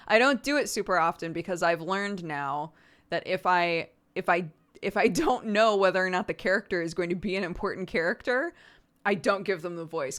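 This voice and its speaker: A streamer and voice actor chats casually with her viewers, answering chat and laughing often. Her voice is fairly low in pitch and a bit bright.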